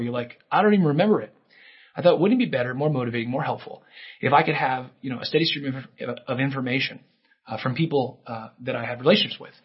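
A man's voice: medium pitch, breathy edge, lo-fi sound. A male pastor preaching a sermon, telling stories and acting out the characters' voices. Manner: storytelling with acted-out character voices.

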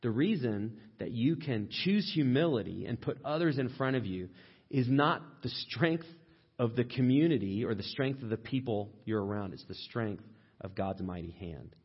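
A male pastor delivering a sermon in a relaxed, conversational manner, now and then mimicking a complaining voice. His voice is husky, and the recording sounds dull and lo-fi. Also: moderate pace. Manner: conversational, acts out quoted complaints in a higher voice.

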